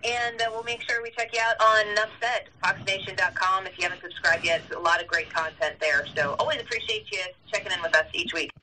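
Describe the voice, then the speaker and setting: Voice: mid-range voice, quick pace, few pauses, pushed and bright. A radio host thanking a guest and plugging his shows in an upbeat way. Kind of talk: radio show chat. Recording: distant radio feed, faint noise.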